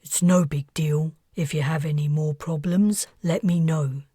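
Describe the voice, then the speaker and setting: A woman reading aloud, voicing a casual, blunt young male fleet officer who shouts to be heard. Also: sits low, steady tone, unhurried, slightly rough, no echo, studio quality.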